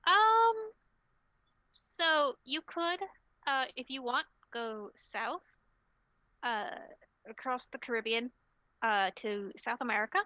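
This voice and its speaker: A woman narrating a tabletop game as storyteller, relaxed and rambling, with lots of filler sounds. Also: sits high, slow, long pauses, no room sound, low-quality recording.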